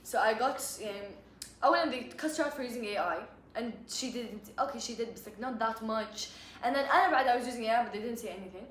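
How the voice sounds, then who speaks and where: Young female co-host, breathless rapid storyteller, bright high voice, roomy echo. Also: a little hiss or hum. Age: young adult. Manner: rapid, animated storytelling mixing in Arabic words. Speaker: podcast co-host. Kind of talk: casual chat.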